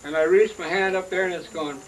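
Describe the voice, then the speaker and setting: A man's voice: sits high, fairly even intonation, fairly quick. A man casually telling a family story at a home gathering, folksy and laughing as he goes. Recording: distant voice, noisy home video.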